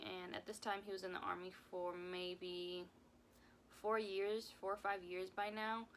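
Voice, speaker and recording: A woman's voice: mid-range voice, vocal fry, a little hiss or hum. A young woman telling a personal story time on her vlog, emotional and rambling, often repeating herself. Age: young adult. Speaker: vlogger.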